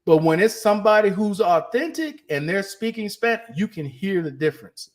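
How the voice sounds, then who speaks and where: A man holds forth on his podcast in a casual, candid monologue, leaning on emphasis and circling back over his own phrases. His voice sits a little higher than most men's. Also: lively intonation, normal speed. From United States. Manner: candid, emphatic, repeats himself while searching for words. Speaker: podcast host.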